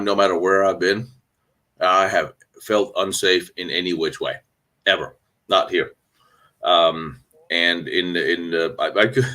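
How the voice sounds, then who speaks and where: A man's voice: sits low, bright, forceful tone. A man hosting a casual live stream, rambling and laughing as he talks, with many restarts. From United States. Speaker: host. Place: hotel room in a city.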